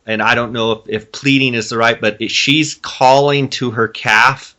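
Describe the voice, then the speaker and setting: A man's voice: medium pitch, steady tone, normal speed, bright, forceful tone. A man hosting a podcast interview who talks casually, often restarts his sentences and asks leading questions. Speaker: podcast host.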